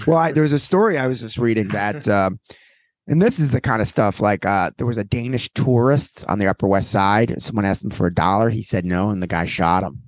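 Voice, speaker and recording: A man in casual podcast chat, relaxed and wry, throwing in quick replies. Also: lowish voice, dry recording. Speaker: podcast co-host.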